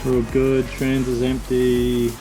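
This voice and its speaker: A man's voice: medium pitch, completely flat delivery, slow pace, over music, low-quality recording. A man talking casually and practically while pulling an engine out in a workshop. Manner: matter-of-fact, practical.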